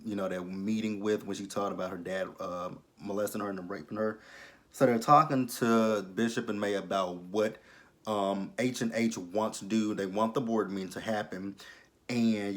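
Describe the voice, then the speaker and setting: Sassy low-voiced man recapping a show. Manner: sassy, blunt, profane; animated, jumps between loud outbursts and low asides. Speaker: TV episode reviewer. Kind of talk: casual recap commentary.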